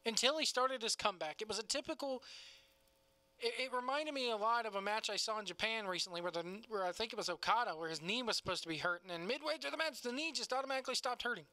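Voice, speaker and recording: A man's voice: sits high, fast, bright, forceful tone, no room sound. A man co-hosting a casual wrestling review podcast, laughing often and talking in a loose, cussing way. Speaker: podcast co-host.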